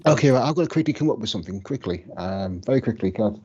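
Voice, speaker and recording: A man co-hosting a podcast who mostly chimes in with short agreeing replies and thinks out loud during a quiz. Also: fairly low pitch, lively intonation, fast, husky. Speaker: podcast co-host. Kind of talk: casual chat. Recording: dull lo-fi sound.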